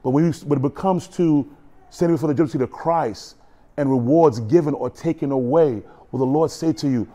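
A pastor preaching a lively sermon, acting out quotes and voices with humor. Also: male voice, a little high, a little fast.

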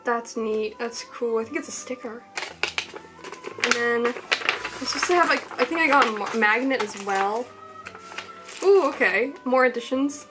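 A young woman chatting excitedly as she unboxes a package at home, rambling with lots of "like" and "um", filmed on a small tripod camera. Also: on the high side, unhurried, long pauses, soft background music. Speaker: vlogger. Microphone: camera on mini tripod.

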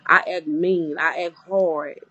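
A woman's voice: low-pitched, fairly even intonation, slow, sharp tone, slightly rough, highs cut off. A woman vlogger in casual chat, talking bluntly with emphatic outbursts.

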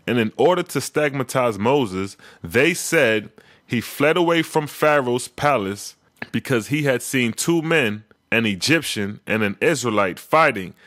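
A man reading scripture aloud in a measured, solemn way, adding his own commentary between verses. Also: medium pitch, fairly bright tone, dry recording, studio quality.

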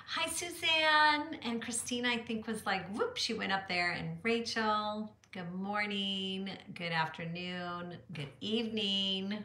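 A woman's voice: mid-range voice, slow, sharp tone. A middle-aged woman hosting a casual live-stream chat from her home art studio on her phone, bubbly and chatty, greeting viewers by name and laughing often. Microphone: phone camera. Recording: echoey room.

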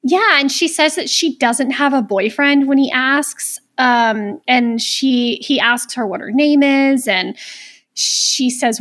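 Sarcastic woman cohost recapping a movie, kinda high voice, casual chat. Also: slow, a bit bright. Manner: chatty, sarcastic, swears freely. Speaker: podcast co-host.

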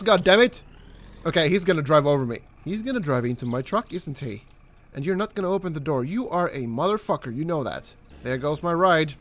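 An excitable young man hosts his channel by narrating his own gameplay in let's play commentary, swearing freely and yelling at characters on screen. His high voice swings widely in pitch and leaps upward whenever he gets worked up.

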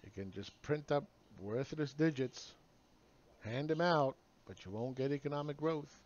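A man's voice: a little high, unhurried, darkish tone, lo-fi sound. A man ranting sarcastically in a solo video monologue, mocking the people he argues against. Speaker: market commentator.

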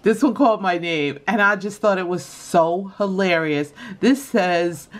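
A woman chatting casually in a shopping haul video, calling her viewers y'all and often breaking into high laughter. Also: measured pace, few pauses. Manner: chatty and giggly, addresses viewers as y'all and you guys. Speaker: vlogger showing a shopping haul.

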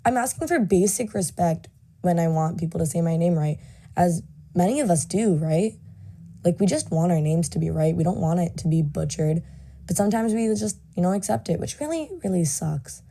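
A woman's voice: lowish voice, moderate pace, gravelly, mellow. A nineteen-year-old woman talking frankly and casually into a voice memo, full of likes and you knows.

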